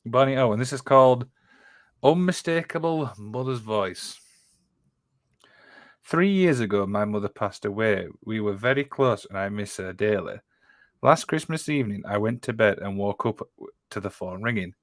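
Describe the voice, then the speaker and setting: A man's voice: lowish voice, animated, normal speed, dry recording. A man co-hosting a casual podcast who reads listener stories aloud and exclaims often. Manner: exclaims often, trails off, restarts. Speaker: podcast co-host.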